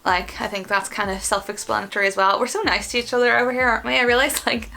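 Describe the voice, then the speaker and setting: Young Northern Irish woman, vlogger, rapid chatty delivery, mid pitch, faint music bed. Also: fairly even intonation, pushed and bright. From Northern Ireland. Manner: chatty, rapid, lots of fillers. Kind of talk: casual explainer vlog. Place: bedroom.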